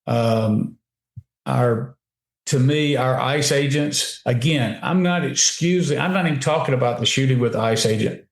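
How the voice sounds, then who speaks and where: A guest commentator on a radio talk show gives emphatic, opinionated commentary, often restarting his sentences. His mid-range male voice moves at a measured pace, and the recording has a roomy echo.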